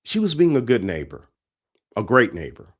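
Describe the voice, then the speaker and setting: A man giving a leadership keynote as a story, animated and repeating words for emphasis. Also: mid-range voice, moderate pace. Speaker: keynote speaker.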